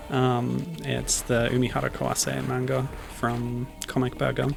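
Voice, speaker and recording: Man, gravelly voice, mid pitch, rambling casual game commentary, game music clear behind. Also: monotone, slow pace. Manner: chatty, rambling off-topic tangents. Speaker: game streamer.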